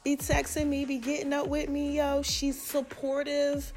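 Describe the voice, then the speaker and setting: A woman, hosting a podcast and giving casual, affectionate shout-outs in a chatty, slangy way. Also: high-pitched, monotone, a little slow, faint music behind. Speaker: podcast host.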